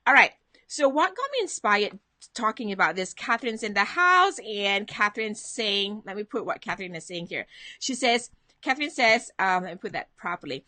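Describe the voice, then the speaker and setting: A woman's voice: mid-range voice, very animated, moderate pace, pushed and bright, no room sound. A woman hosting a motivational live stream from home, chatting casually, greeting viewers by name and reading out their comments.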